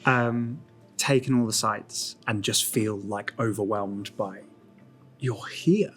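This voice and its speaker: A man's voice: fairly low pitch, steady tone, slow, a bit bright, soft background music. Casual man narrating a tabletop game. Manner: casual, filler-heavy narration. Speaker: game master.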